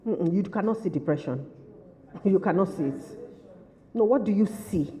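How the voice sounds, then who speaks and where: Speaking at a moderate pace in a medium-pitched, dark, expressive voice, this behaviour management trainer runs a workshop lecture for caregivers. She peppers them with repeated questions and goes back over her points, all captured in lo-fi audio with long hall reverb.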